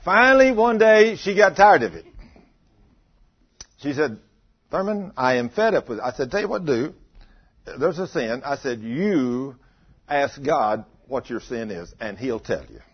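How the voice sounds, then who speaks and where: A man's voice: mid-range voice, lively intonation, measured pace, pauses often, breathy edge. A man preaching a sermon as pastor, telling folksy stories and teasing his congregation. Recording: dull lo-fi sound.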